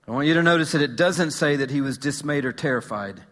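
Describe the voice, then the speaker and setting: A bright, slightly high male pastor preaches with animated storytelling and joking asides, at times sinking to a hushed intensity. His words ring out with the long reverb of a large church hall. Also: normal speed, few pauses. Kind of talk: sermon. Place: church sanctuary.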